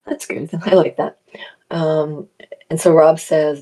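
A woman's voice: low voice, steady tone, normal speed, creaky, dark tone. A middle-aged woman hosting a casual live chat, reading viewer comments aloud and laughing often.

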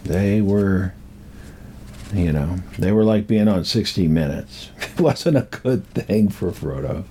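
An older man telling a rambling personal story from his youth, halting and full of pauses and restarts. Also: low-pitched, expressive, dark tone, slight background noise.

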